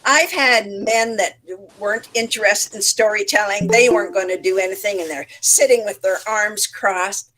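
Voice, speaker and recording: A woman's voice: mid-range voice, moderate pace, hardly any pauses, a bit bright, a little hiss or hum. A woman telling folk tales expressively to teachers over a video call, acting out sounds and voices as she goes. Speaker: storyteller. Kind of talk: participation storytelling for teachers. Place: home setup, online session.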